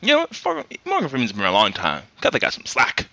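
Lively, bright man laughing through chat. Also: mid-range voice, quick pace, gravelly. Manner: animated, laughing, jokey. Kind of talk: casual comedic chat.

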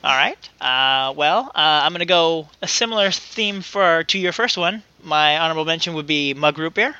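A man's voice: a little high, moderate pace, pushed and bright, clear, resonant tone, no room sound, highs cut off. A man co-hosting a podcast in casual chat, rambling and laughing often. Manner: chatty, laughs often, trails off and restarts. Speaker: podcast co-host.

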